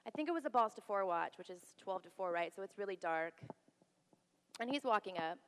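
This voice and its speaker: A woman's voice: medium pitch, a little fast, clear, resonant tone. Woman veteran, candid staged storytelling, long hall reverb. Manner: candid, quotes others in lively voices. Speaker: Navy veteran telling her story on stage. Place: theater stage.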